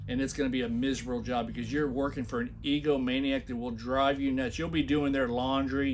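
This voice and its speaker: A man talking in a casual commentary video, sarcastic and blunt, often restarting his words. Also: medium pitch. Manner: sarcastic, reads a job post aloud in loud mocking emphasis. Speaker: commentary vlogger.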